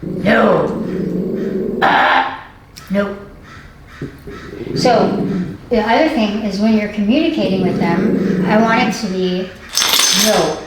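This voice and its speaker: A woman dog trainer giving a hands-on lesson, explaining calmly and coaxing the dog with upbeat praise. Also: medium pitch, normal speed. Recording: distant, echoey, faint noise.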